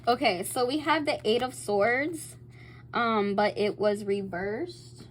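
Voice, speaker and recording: A woman giving a casual tarot reading to camera. She chats loosely, swears freely, reads card meanings aloud and bursts into excited squeals. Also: on the high side, slow, slight background noise, low-quality recording. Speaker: tarot reader.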